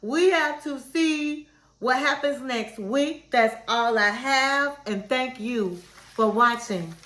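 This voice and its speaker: High-voiced woman chatting candidly. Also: slow, fairly bright tone. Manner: chatty, frank, calls viewers "honey". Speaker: reality TV recap vlogger. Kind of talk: casual candid commentary. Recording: roomy echo.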